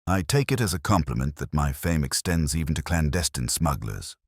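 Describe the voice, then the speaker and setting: A cool-headed detective , as a man reads him, who lays out his deductions in crisp, clipped phrases. The voice sits extremely deep yet moves lively through its pitch. It sounds dry and close, with no room around it. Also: a little fast, no room sound, heavily acted. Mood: cool, commanding.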